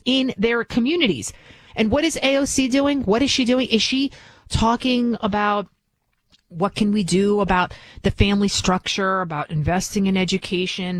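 A woman's voice: fairly high pitch, fairly bright tone, dry recording, rough recording. Woman host, political monologue, combative, rhetorical questions, dry studio sound. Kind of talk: opinionated monologue.

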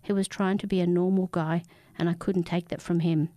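A woman voicing a frightened, desperate man who pleads for his life, rambling and rising in pitch as he begs. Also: level tone, fairly quick, warm tone, no echo, natural voice. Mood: pleading. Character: frightened desperate man, a cursed family father.

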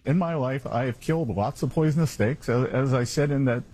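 A man's voice: medium pitch, fairly quick, mellow, husky, poor audio. A man in a played news clip, telling a story in a meandering way, repeating himself. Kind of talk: recorded speech clip.

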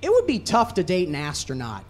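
Stand-up comedian, sarcastic, lively intonation, noisy recording. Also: medium pitch, a little fast. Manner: sarcastic, builds to shouted punchlines.

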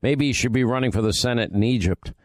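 A man's voice: mid-range voice, fast talker, dry recording. Emphatic male talk radio host. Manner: emphatic, repetitive, punchy delivery. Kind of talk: political talk radio monologue with live ad read. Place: radio studio. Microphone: close studio mic. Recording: dry close studio sound.

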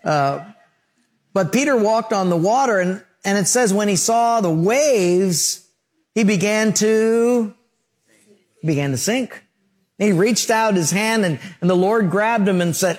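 A pastor with a somewhat high voice delivers a radio sermon a little slowly. He is earnest and carries his message through vivid stories, repeating himself emphatically to drive each point home.

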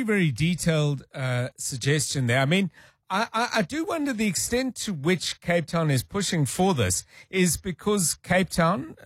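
A man hosting a live radio talk show in a slightly high voice. He muses aloud, restarting his sentences, then reads out links and numbers. The sound is dry and close. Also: breathy edge, no room sound. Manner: thoughtful, musing, with restarts.

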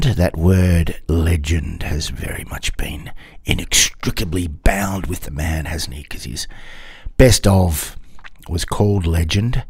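A man's voice: deep voice, takes it slowly, gravelly, a little mellow, husky, no room sound, studio quality. A man, hosting a music radio show in a rambling, chatty, self-mocking way. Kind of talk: casual music radio presenting.

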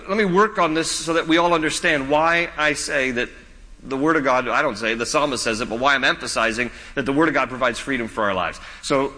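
A man's voice: a little high, bright, forceful tone. A middle-aged male pastor preaching a conversational sermon to his congregation, repeating phrases, asking questions and telling personal stories. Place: church sanctuary. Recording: reverberant church hall.

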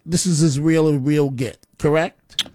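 A man's voice: on the high side, steady tone, a little slow, warm tone, no echo, studio quality. A man hosting a talk radio show, brash and opinionated. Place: radio studio.

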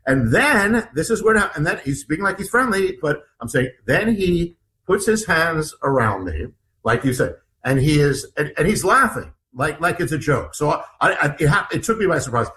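A male author being interviewed recounts an ordeal in vivid detail, acting out what others said, often restarting and repeating himself. His fairly high, sharp voice is very animated at normal speed, captured in a low-quality recording with slight background noise.

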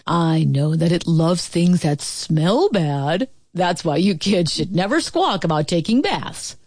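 Lady reading as a joking dad, lively up and down voice, dry sound. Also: fairly low pitch, slow pace, no echo. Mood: jovial. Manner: teasing, jovial. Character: cheerful playful father, middle-aged man.

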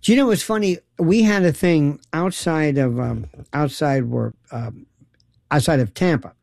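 Woman, storyteller, animated and laughing, dry booth sound. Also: low-pitched, measured pace, gravelly, no echo. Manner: animated, laughing, dramatic quoted voices. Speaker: radio host guest. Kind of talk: casual storytelling chat.

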